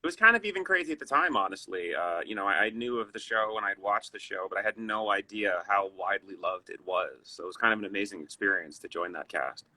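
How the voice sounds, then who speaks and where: A man's voice: lowish voice, quick pace, hardly any pauses, bright, forceful tone, no echo, poor audio. A man being interviewed over a video call, telling anecdotes in an easygoing way. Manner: easygoing, apologetic, tells anecdotes. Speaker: actor, guest. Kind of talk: interview storytelling.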